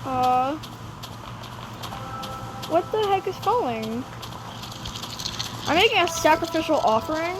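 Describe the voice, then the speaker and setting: A woman rambling through casual game commentary, getting excited, shrieking at the game and scolding her dogs. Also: high voice, slow pace, long pauses, rough recording. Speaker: gaming channel host. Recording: loud background noise. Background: dogs nearby.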